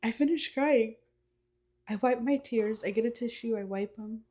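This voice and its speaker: A woman's voice: on the high side, normal speed. A young woman co-hosting a podcast with her sisters, telling a story in casual chat, acting out what people said and laughing often. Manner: animated storytelling, acts out quotes, laughs often. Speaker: podcast co-host.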